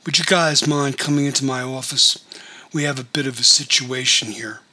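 A male narrator reads a school administrator who keeps order in a crisis, steady and businesslike. The husky voice carries a sharp, tense edge that cuts through the room. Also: mid-range voice, moderate pace. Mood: firm.

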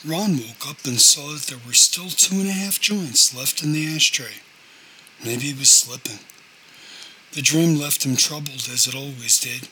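A man narrating a novel chapter in a steady, measured audiobook reading. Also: mid-range voice, slight background noise, poor audio.

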